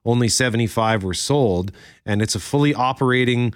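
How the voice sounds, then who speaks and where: A man's voice: medium pitch, fairly quick, smooth, no echo, clean studio sound. A man co-hosting a morning radio show, chatting casually and reading listener letters aloud with asides. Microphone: studio microphone.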